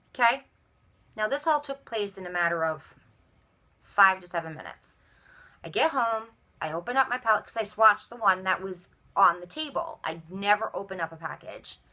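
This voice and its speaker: Woman, young adult, vlogger, storytelling rant, animated, bright voice, acts out dialogue. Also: medium pitch.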